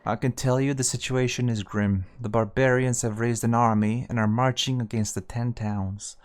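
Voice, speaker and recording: A man reading the lines of a smooth-talking male town council official in a soft, even voice. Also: medium pitch, normal speed, close to an everyday voice.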